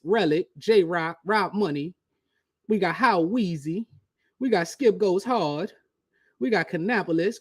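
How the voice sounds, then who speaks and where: A man hosting a casual live reaction stream, talking to his chat in a slangy, relaxed way. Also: sits high, no room sound, clean studio sound. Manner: slangy, talks straight to chat. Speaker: channel host.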